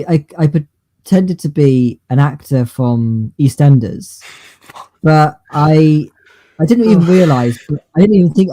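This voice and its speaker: A man co-hosting a podcast, telling stories in a halting, rambling way with many fillers and restarts. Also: a little high, mellow, no echo. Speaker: podcast co-host. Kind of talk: casual chat.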